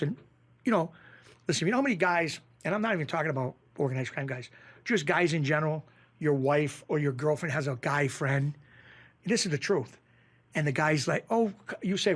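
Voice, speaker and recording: A middle-aged man with a Western Massachusetts accent, speaking in a fairly high voice. He tells stories in a casual interview and acts out the people in them by raising his voice. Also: brisk, husky. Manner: animated, acts out quoted voices in a raised pitch. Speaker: interview guest, former bookmaker.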